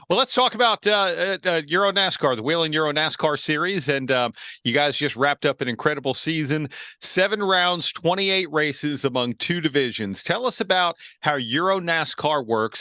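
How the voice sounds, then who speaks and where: A man's voice: fairly high pitch, bright, forceful tone, no room sound, clean studio sound. A man hosting an interview, asking enthusiastic, rambling questions. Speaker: interview host.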